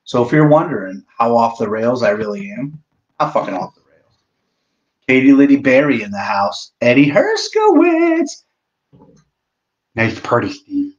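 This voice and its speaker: A man's voice: medium pitch, normal speed. Joking, profane man on a lo-fi stream. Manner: joking, profane, self-mocking; talking while eating. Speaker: host of a live stream. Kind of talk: casual live-stream chat. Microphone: laptop mic.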